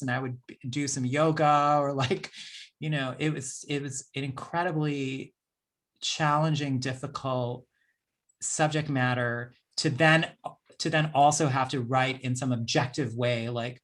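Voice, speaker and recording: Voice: mid-range voice, fairly even intonation, moderate pace, fairly bright tone. An author in a book conversation, speaking earnestly about difficult research and using many fillers.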